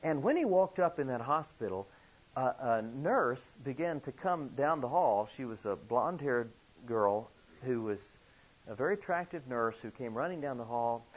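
Husky-voiced man preaching a story sermon. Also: lively intonation, normal speed. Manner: earnest storytelling with sudden emphatic high peaks. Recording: dull lo-fi recording.

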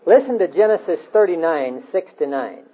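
A man's voice: a little high, big pitch swings, moderate pace, slight background noise. A man preaching a sermon, exhorting his listeners in an earnest way and telling stories from his life. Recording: tinny phone-like sound.

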